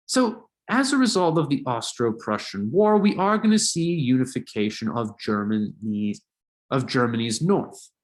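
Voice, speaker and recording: Animated male history teacher. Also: mid-range voice. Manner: animated, conversational, jokey asides. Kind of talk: casual lecture video.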